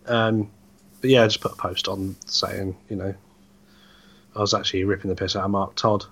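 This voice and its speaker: A man's voice: low-pitched, level tone, moderate pace, creaky, fairly bright tone. A man co-hosting a casual podcast, telling rambling, easygoing stories about his driving work. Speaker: podcast co-host, truck driver. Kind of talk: casual chat.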